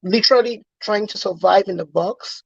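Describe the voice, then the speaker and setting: On a video call, a woman from Cameroon chats earnestly as a guest and laughs readily. Her mid-range voice is gravelly and moderately paced, with no echo, though the lo-fi call audio sounds dull.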